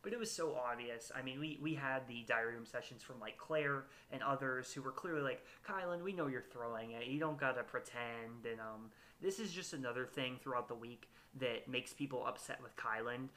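A man hosting a relaxed recap podcast, his voice bright and clear in the middle of his range. He talks casually and hesitantly, full of ums and self-corrections. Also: medium pitch, fairly quick, few pauses. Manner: hesitant, lots of fillers and restarts. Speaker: podcast host. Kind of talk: casual reality-show recap chat.

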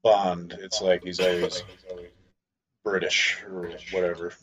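A man on a casual podcast, reading news articles aloud in a relaxed way with fillers. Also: deep voice, slow pace, lo-fi sound.

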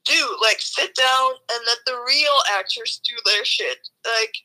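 A woman's voice: fairly high pitch, a little slow, sharp tone, rough recording. A young woman chatting casually, ranting animatedly and swearing a lot. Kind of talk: casual chat.

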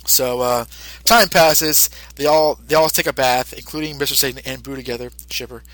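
A man's voice: medium pitch, fairly even intonation, normal speed, fairly bright tone, no room sound, low-quality recording. A male podcast host casually recapping an episode, rambling with lots of fillers.

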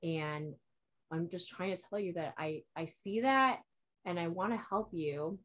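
A young woman with a fairly low-pitched voice recounts a personal story in easygoing, unscripted conversation. She rambles along, leaning on "like" and acting out quoted lines from herself and others. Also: unhurried, slight background noise. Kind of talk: casual chat.

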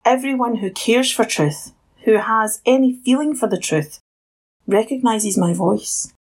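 A woman voicing Jesus, calm and solemn, speaking slowly and quietly with a husky tone in a Bible story reading. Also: on the high side.

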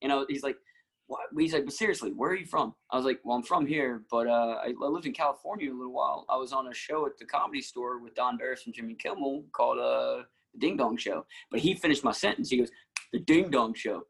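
Husky-voiced man telling lively stories. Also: medium pitch, fast, few pauses, rough recording. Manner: animated anecdotes, acting out quotes, frequent laughs. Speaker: actor and musician, guest. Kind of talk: casual storytelling.

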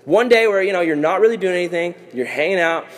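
A youth pastor gives kids a casual Bible lesson, animated and jokey. His voice sits fairly high for a man. A long hall reverb trails each phrase. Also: fast talker. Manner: animated, jokey, acts out characters.

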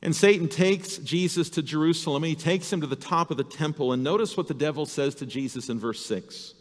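A man's voice: fairly high pitch, fairly quick. A man preaching a sermon as pastor, earnest and vivid, acting out the voices he quotes. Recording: reverberant hall.

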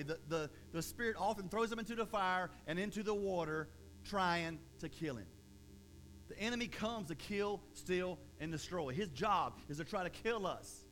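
A male pastor giving a casual, animated online sermon and acting out the quotes in his readings. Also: high-pitched, a little hiss or hum. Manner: conversational, animated, acts out quotes.

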